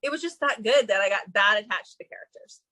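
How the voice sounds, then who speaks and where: A woman's voice: mid-range voice, lively intonation, quick pace, pushed and bright, poor audio. A woman co-hosting a book review chat, talking in a chatty, gushing way with many restarts. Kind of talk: casual chat about books.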